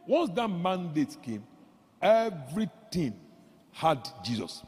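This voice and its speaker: A man preaching a sermon, swinging from quiet asides to loud exclamations and leading the congregation in call-and-response. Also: slow pace, husky. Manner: animated, jumps from low asides to loud exclamations. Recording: long hall reverb.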